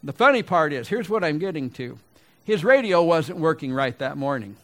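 Middle-aged male pastor, folksy sermon storyteller, slightly higher voice, rhetorical questions. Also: big pitch swings, normal speed, a bit bright.

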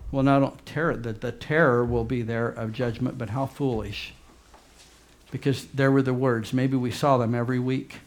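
A man preaching a fervent sermon as pastor, swinging between loud urgent emphasis and quiet low asides.

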